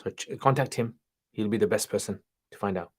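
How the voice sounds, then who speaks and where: A man's voice: on the low side, fairly quick. A man hosting a casual livestream, reading viewers' questions aloud and answering them offhandedly, sprinkling in Arabic greetings and religious terms. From studied nine years in Pakistan, now in England.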